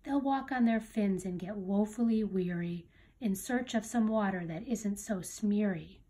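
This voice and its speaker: A woman's voice: mid-range voice, unhurried, dark tone, breathy edge. A woman reading a picture book aloud and voicing a small grumpy male creature who guards the trees, in a scolding, pleading manner. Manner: scolding, pleading storybook delivery.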